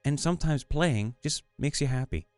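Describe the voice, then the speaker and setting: A man's voice: fairly high pitch, lively intonation, moderate pace, darkish tone, smooth, dry recording, clean studio sound, faint music behind. A man, a voice actor, reading fan stories in a playful, upbeat, goofy way. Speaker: voice actor and story narrator.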